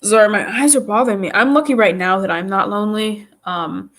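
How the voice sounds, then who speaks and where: A woman's voice: mid-range voice, a little fast, fairly bright tone. A woman with a stuffy, runny nose, chatting casually and rambling on a live stream, often restarting her sentences. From New York.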